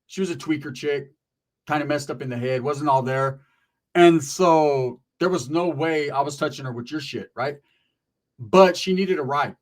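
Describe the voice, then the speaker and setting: A man's voice: fairly high pitch, moderate pace. A middle-aged man telling a story and giving commentary as a channel host, casual and profane, full of streetwise slang and emphatic asides.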